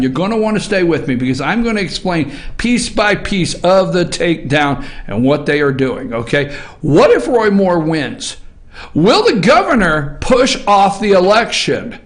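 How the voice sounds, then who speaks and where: A man hosting an opinionated morning talk show, sarcastic and animated, often rising into shouts. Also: sits high, normal speed. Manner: animated, sarcastic, breaks into shouts and mock voices.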